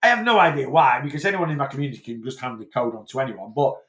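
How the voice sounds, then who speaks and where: Chatty Lancashire man with a gravelly voice. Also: medium pitch, racing, a bit bright, echoey room. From Blackpool, England. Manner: chatty, rambling, with many fillers and restarts. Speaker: weight loss coach. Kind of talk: live Q&A answering viewer comments.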